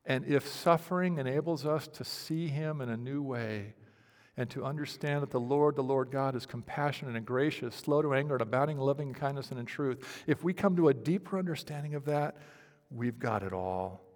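A man preaching a sermon as a pastor, with a dramatic delivery that swings from loud pleading to hushed near-whispers. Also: medium pitch, moderate pace. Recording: reverberant hall.

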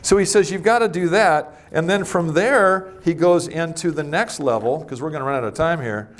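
A middle-aged man delivers a sermon in a somewhat raised voice. He is emphatic, stretching key words slowly and then rushing through others. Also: fairly high pitch. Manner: emphatic, varies pace and loudness for effect. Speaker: preacher.

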